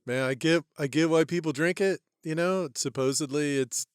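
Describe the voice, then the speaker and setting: A man's voice: a little high, moderate pace, clear, resonant tone, dry recording, studio quality. A man co-hosting a comedy podcast, rambling with stammered restarts, swearing, and laughing. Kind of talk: casual comedic banter.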